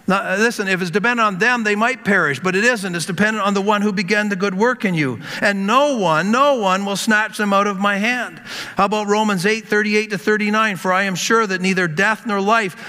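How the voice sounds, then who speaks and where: A man's voice: sits high, bright, forceful tone. A male pastor preaching a sermon with emphatic repetition, speaking to the congregation as folks. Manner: emphatic, repeats words, addresses congregation as folks. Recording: long hall reverb.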